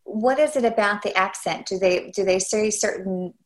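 A woman's voice: mid-range voice, normal speed. A woman interviewer asking curious questions and affirming answers, with stumbling restarts.

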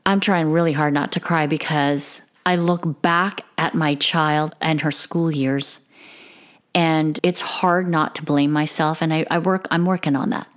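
A middle-aged woman who hosts a parenting podcast speaks in a low voice, at a measured pace with fairly even intonation. She delivers an earnest, emotional and candid confessional monologue to other mothers about her parenting.

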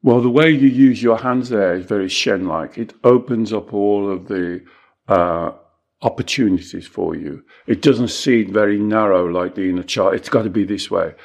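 A middle-aged man teaching spiritual ideas in a calm, measured way, slowing down to stress key points. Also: on the low side, gravelly. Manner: measured, reflective, slows down for emphasis. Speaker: Taoist teacher and coach.

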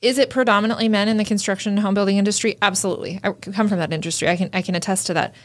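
A woman's voice: medium pitch, steady tone, racing. Frank, emphatic woman podcast co-host. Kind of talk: casual chat.

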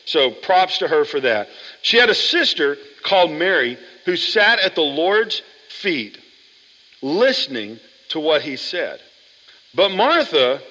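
A man pastor preaches to his congregation with a bright, ringing voice a little higher than most men's. He talks in an animated, chatty way and keeps checking in with the room. The sound carries a long church-hall reverb. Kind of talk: sermon. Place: church sanctuary.

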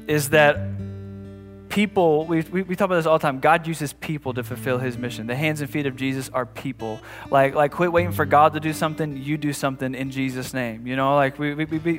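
A man preaching a sermon as a pastor in a conversational way, often restarting and repeating phrases, building to emphatic passages. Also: fairly high pitch. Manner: rises to emphatic, louder passages.

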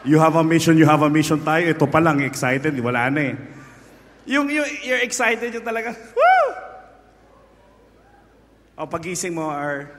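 A husky-voiced man with a Filipino accent preaching a live sermon, bantering playfully with his congregation. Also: on the high side, expressive, brisk, fairly bright tone, slight background noise. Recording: echoey hall.

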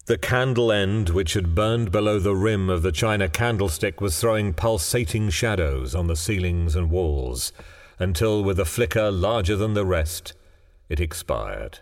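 A man tells a chilling ghost story in a very low voice. His storytelling is hushed and suspenseful, with lots of rise and fall in pitch. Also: expressive, unhurried, long reverb tail. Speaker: narrator. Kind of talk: scripted narration of a ghost story.

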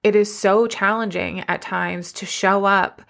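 A woman's voice: mid-range voice, steady tone, unhurried, vocal fry, few pauses, a bit bright. A woman hosting a solo podcast as a business coach, talking candidly and emotionally, tearful at times. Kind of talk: personal solo podcast talk.

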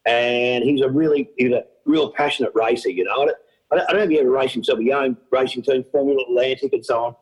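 A man's voice: mid-range voice, quick pace, low-quality recording. A middle-aged Australian man, an event organizer, telling stories in an interview, laughing often and acting out what people said. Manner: animated storyteller, laughs often, acts out quotes. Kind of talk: storytelling interview.

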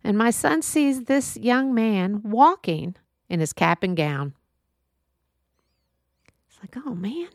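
This podcast host, a middle-aged woman from Texas, earnestly narrates a moving story on her own, performing the voices of the people she quotes. She speaks at a medium pitch with lively intonation, taking her time and leaving long pauses. The sound is dry and studio-clean.

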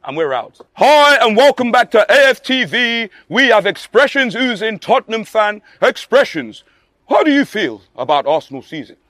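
A man's voice: high-pitched, big pitch swings, moderate pace, fairly bright tone, dry recording, studio quality. A man impersonating an upbeat interviewer who asks fans questions in a presenter's manner. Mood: presenting. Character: male fan-channel interviewer, brisk and upbeat. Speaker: mock interviewer.

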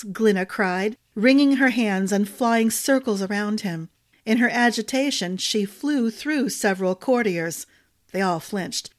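A woman storyteller reading a fantasy novel aloud, measured and expressive. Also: a little high. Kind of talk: audiobook narration.

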